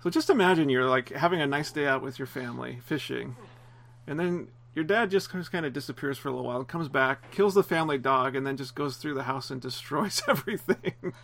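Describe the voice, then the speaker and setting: A man's voice: medium pitch, a little fast, vocal fry, fairly bright tone, slight background noise. A man casually commenting on a film as it plays, explaining scenes and chuckling often. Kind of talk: casual watch-along commentary.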